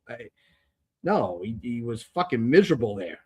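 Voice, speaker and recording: A man hosting his own podcast in a loose, rambling rant. He talks bluntly and swears often. He trips over restarts as he circles his complaints, at an everyday middle pitch. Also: sing-song, normal speed, a little mellow, slightly rough. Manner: blunt, profane and rambling, with many fillers and restarts. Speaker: podcast host. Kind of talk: casual ranting monologue.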